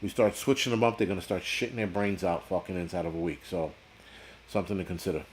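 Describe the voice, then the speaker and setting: A man with a lowish voice rants on a casual livestream, blunt and rambling. He swears constantly and answers viewer chat as he goes. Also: steady tone, fast, a little hiss or hum. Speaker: livestream host reading chat. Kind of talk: casual profane livestream rant.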